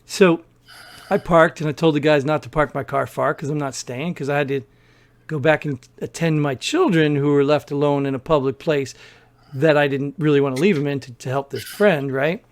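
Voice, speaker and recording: Animated man telling a story. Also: a little high, normal speed. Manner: animated storyteller, acts out quoted people. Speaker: podcast co-host. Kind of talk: casual storytelling chat.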